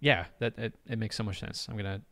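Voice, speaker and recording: A man hosts a podcast in easygoing chat, his voice sitting a little low. He talks loosely, with many fillers and laughs. The sound is dry and close. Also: fast talker, bright, forceful tone, no echo. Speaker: podcast host. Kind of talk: casual podcast chat, retelling a story.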